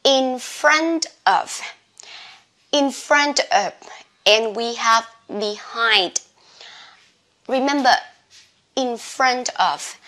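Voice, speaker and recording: A woman's voice: on the high side, bright, forceful tone. A woman teaching an English lesson, spelling words out letter by letter. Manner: slow, spelling out letters one by one. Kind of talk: classroom lesson. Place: classroom with a board.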